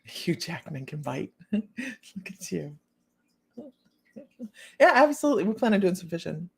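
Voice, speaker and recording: A woman's voice: on the low side, big pitch swings, normal speed, vocal fry, a little mellow, breathy edge. A woman from Ohio hosting a psychic reading livestream, chatting casually with viewers by name and laughing often as she reads cards. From Ohio, United States. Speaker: psychic reader and livestream host.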